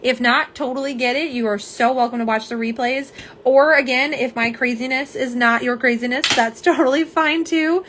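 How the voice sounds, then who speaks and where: A young woman with a slightly hoarse, fairly high voice hosts a casual live stream. She is chatty and self-deprecating and talks straight to her viewers. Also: fairly even intonation, normal speed, noisy background. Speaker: live stream host showing nail polish swatches.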